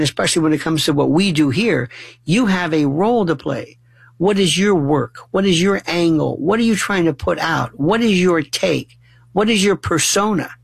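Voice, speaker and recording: Male talk host, husky and gravelly, emphatic and rambling, keeps restarting phrases. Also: on the high side, dry recording. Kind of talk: casual monologue.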